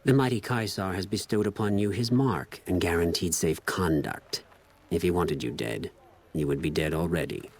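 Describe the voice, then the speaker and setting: An imperious male envoy of a warlike legion in a video game. His voice is very deep, and every line comes out as a formal, commanding proclamation. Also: normal speed, vocal fry.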